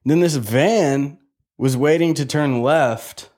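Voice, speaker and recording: Animated man telling a wild story. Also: a little high, slow pace. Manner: animated, profane, acts out quotes in a loud excited voice. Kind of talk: casual storytelling chat.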